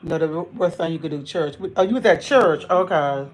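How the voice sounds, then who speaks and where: A woman's voice: sits low, brisk. A woman hosting a casual live stream, greeting viewers by name and telling a rambling story with many restarts. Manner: chatty, greets viewers by name and reads comments aloud.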